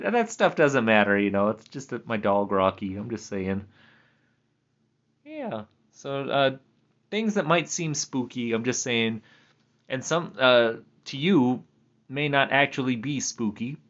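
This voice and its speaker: Rambling, jokey man, lo-fi audio. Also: a bit bright. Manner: chatty, laughs often, jokey pitch swings. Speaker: vlogger. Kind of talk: casual rambling monologue. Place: at home.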